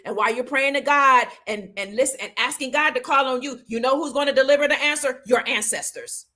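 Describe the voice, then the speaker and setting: A woman's voice: high-pitched, a little fast, hardly any pauses, sharp tone. A woman in her forties telling a personal story with an emotional, preacher-like cadence and repetition. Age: 40s. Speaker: host.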